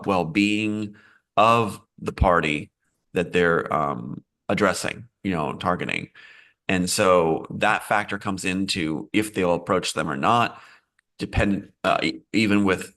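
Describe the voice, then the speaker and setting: A man's voice: low-pitched, fairly bright tone. A man being interviewed as a screenwriter, talking in a meandering way, often restarting and repeating phrases. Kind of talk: live interview, casual talk.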